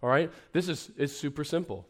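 A man's voice: on the high side, brisk. A man leading an informal teaching session for preachers at a camp, talking conversationally with self-deprecating asides and frequent restarts. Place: camp meeting room.

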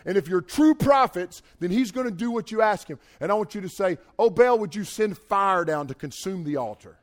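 Bold, brash bearded prophet, loud challenger; a male preacher acts him out in a slightly high voice. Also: lively intonation, brisk. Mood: challenging. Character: bold bearded prophet, trash-talking man.

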